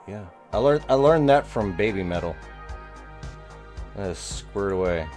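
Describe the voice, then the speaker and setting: A man's voice: sits low, expressive, measured pace, pauses often, darkish tone, soft background music. A man hosting a live game stream in casual chat, playful and teasing as he works the stream. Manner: playful, teasing, talks while working the stream. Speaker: streamer host.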